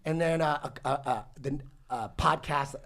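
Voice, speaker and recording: Rambling, animated man in his forties. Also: a little high, moderate pace. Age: 40s. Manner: rambling, animated, swears a lot, many restarts. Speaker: podcast guest telling a story. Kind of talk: casual profane storytelling.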